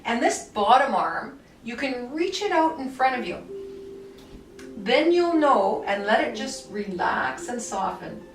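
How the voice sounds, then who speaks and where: A woman yoga teacher guiding a somatic movement class with soft, soothing cues. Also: a little high, expressive, normal speed, few pauses. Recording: echoey room, mic far off, faint music.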